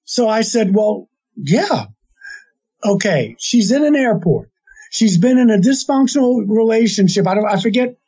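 A man recounts a story he heard, wandering back and restarting as he quotes the people in it. His voice sits high but sounds mellow and breathy. The recording is muffled and lo-fi. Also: big pitch swings, measured pace. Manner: rambling, with restarts and quoted dialogue. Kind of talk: casual retelling of an anecdote. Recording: dull lo-fi sound.

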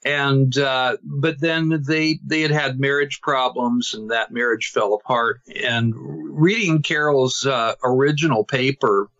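Man, podcast guest, slow speech, hesitant, muffled lo-fi sound. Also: medium pitch, fairly even intonation, a bit bright. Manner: slow, hesitant, many uh fillers. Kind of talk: casual interview chat.

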